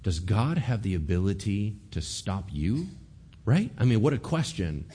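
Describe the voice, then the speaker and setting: A man delivering a sermon in a low voice that leaps and dips with lively emphasis. He acts out the people he talks about and keeps firing questions at the listeners. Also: unhurried, husky. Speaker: pastor.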